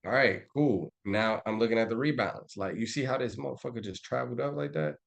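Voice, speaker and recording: A man on a live stream breaking down trading charts in a loose, slangy, profane and animated way. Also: medium pitch, fast, creaky. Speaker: trading educator.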